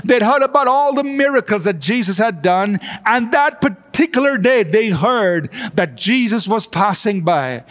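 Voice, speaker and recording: A male pastor preaching a sermon and leading a prayer, slow and drawn-out with emphatic rises, in a church sanctuary. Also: high voice, lively intonation, fairly bright tone, in a large hall. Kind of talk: sermon with altar call prayer.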